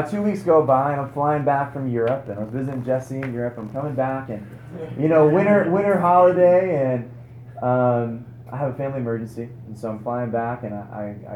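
A man's voice: mid-range voice, highs cut off, a little hiss or hum. Man preaching in an echoey hall. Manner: animated storytelling with rhetorical questions. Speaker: conference speaker. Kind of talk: sermon. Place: conference hall. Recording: roomy hall echo.

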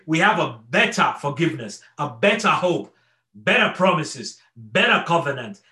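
A middle-aged man preaching with an earnest, searching delivery, stumbling through restarts and checking in with his listeners. His voice sits a little high and rings bright and forceful. The room around him is echoey. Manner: earnest, repetitive restarts, frequent "okay?" check-ins. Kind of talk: sermon.

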